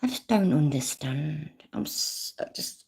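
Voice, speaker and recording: Low, gravelly British woman commentator. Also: expressive, measured pace, darkish tone. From not American. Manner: sarcastic, rambling, swears freely. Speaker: commentator reacting to a clip. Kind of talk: casual commentary.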